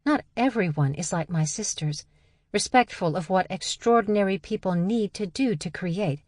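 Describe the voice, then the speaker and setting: A woman voicing a spacey, blunt young woman genius in an audiobook, speaking in a bright, matter-of-fact and guileless way. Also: mid-range voice, normal speed, no room sound, clean studio sound, pitched above the performer's own voice, natural voice. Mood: earnest.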